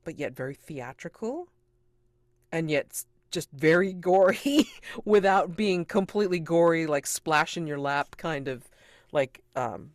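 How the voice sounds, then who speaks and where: Wrapping up a tabletop session, a game master rambles loosely and excitedly, full of "like," "um," and laughs. The voice is at an ordinary middle pitch with a measured pace, recorded close and dry with no room sound.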